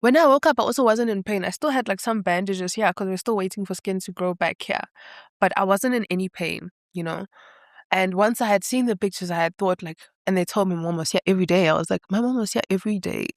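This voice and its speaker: A woman's voice: mid-range voice, fast, dry recording. Young woman guest, candid and earnest, dry close sound, little laughs here and there. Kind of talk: emotional interview.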